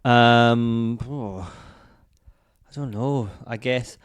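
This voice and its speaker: A Scottish comedian with a softened accent, chatting casually and dryly as a podcast guest, swearing now and then. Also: male voice, mid-range voice, extremely slow, clean tone, no room sound. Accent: Scottish, toned down. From Scotland. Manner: relaxed, dry, swears casually.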